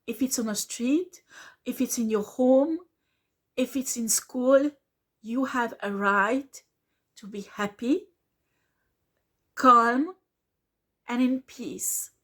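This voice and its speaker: A woman gives a casual tarot reading. Her voice sits fairly high, and she takes her time, speaking slowly and earnestly and repeating her points. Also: fairly bright tone. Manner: earnest, repeats herself, slips into French words. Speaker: tarot reader.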